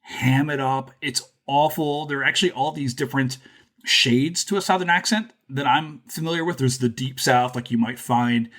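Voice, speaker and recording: A man from Louisiana hosting a podcast, chatting casually with animated, joking asides. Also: medium pitch, moderate pace. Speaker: podcast host. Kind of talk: casual chat.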